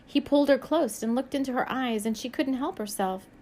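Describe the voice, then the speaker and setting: Soft-spoken woman reading her novel aloud. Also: sits high, a little fast. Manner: soft, musing, laughs and hesitates often. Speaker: author and spiritual reader.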